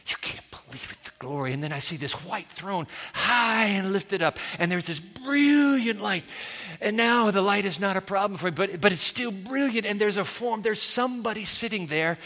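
A man preaching a storytelling sermon, swinging dramatically between loud bursts and hushed near-whispers. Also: a little high, big-room sound.

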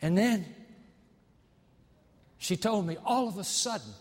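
A male pastor preaching a sermon, telling a story dramatically and slowing down on key words for emphasis. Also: sits high, animated, in a large hall.

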